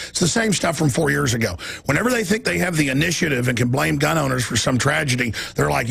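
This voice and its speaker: A middle-aged man hosting a political talk radio show, hoarse with a gravelly, raspy voice, ranting emphatically in rapid-fire bursts. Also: on the high side, fairly bright tone.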